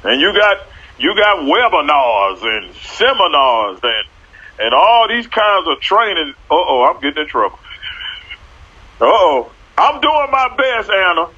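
A man talking like a preacher on a church talk show, animated and repeating his words as he builds up. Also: fairly high pitch, a little slow, husky, highs cut off.

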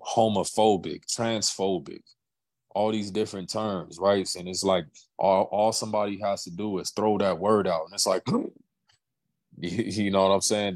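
A man talking as a podcast guest in a halting way, often checking in with "right?". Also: low voice, no echo. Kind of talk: casual podcast talk.

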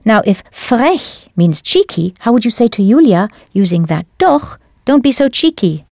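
A woman leading a scripted audio language lesson with clear, encouraging instruction. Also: a little high, sing-song, measured pace, darkish tone, dry recording, clean studio sound. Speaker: language course teacher.

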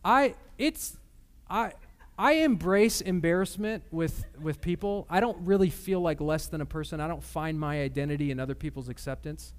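A man's voice: fairly high pitch, normal speed. A man in his thirties preaching a sermon in a conversational, emphatic way, telling personal stories. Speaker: pastor.

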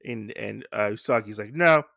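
A man's voice: mid-range voice, expressive, a little slow, creaky, sharp tone, no echo, clean studio sound. A man hosting a podcast, casually recapping a comic book in a rambling way with lots of fillers and restarts. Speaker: podcast host.

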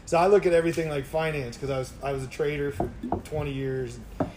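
A man in his forties, running a car shop, chatting casually and acting out quotes with loud, profane storytelling. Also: fairly high pitch, fast. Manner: animated storyteller, swears freely, acts out quotes loudly. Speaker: shop owner. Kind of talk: casual chat. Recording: echoey room with faint background noise.

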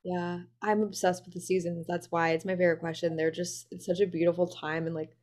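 A woman's voice: on the low side, level tone, a little fast, darkish tone. A woman hosting a podcast in casual interview chat, enthusiastic and chatty, full of "like" fillers. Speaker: podcast host.

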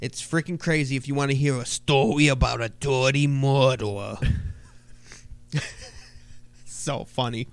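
A man's voice: medium pitch, unhurried, pauses often, clean tone, no room sound. A man co-hosting a casual podcast, telling stories with lots of swearing. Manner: animated storyteller, swears constantly. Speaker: podcast co-host. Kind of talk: casual chat.

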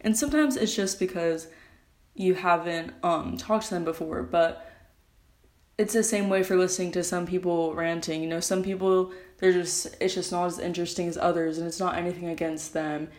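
A woman's voice: lowish voice, steady tone, moderate pace, a little mellow. Rambling teenage girl podcaster. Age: teens. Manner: rambling, self-correcting, chatty. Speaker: podcast host. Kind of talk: casual solo podcast rant. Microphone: phone.

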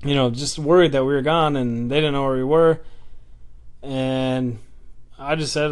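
A man with a mid-range voice and fairly even intonation tells a personal story casually and haltingly, full of fillers and restarts.

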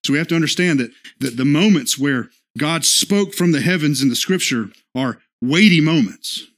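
A man's voice: a little high, lively intonation, fairly bright tone. Man preaching an earnest sermon. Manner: earnest preaching, often checking in with "okay?" and "right?"; slows for scripture quotes, acts out short dialogue. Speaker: pastor.

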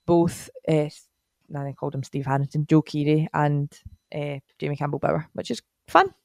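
A woman's voice: deep voice, flat delivery, moderate pace, gravelly, a little mellow, no room sound, studio quality. A Scottish woman chatting enthusiastically on a podcast, often trailing off mid-sentence. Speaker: podcast co-host, guest sister. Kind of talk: casual chat.

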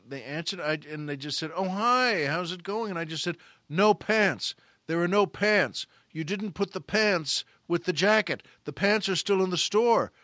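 A man telling a comic story, animated and acting out the voices of the people in it. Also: fairly high pitch, no echo.

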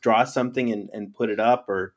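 Goofy, rambling tabletop player. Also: male voice, on the low side, fairly even intonation, brisk, muffled recording.

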